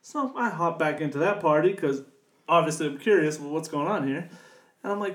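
A man co-hosting a casual gaming podcast, telling animated stories and swearing freely. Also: fairly high pitch, brisk, roomy sound. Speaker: podcast co-host. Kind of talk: casual chat.

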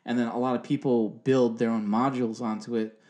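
A man's voice: mid-range voice, flat delivery, brisk, darkish tone. Loose, rambling podcast co-host, a man in his thirties with a casual, profane way of talking. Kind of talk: casual chat.

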